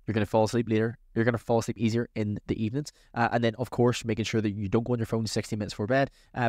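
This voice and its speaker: A man's voice: medium pitch, a little mellow. A man hosts his own advice podcast, talking in a chatty and motivating way. His voice sits in an ordinary middle range. The sound is dry and close, with no room echo. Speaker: podcast host and coach.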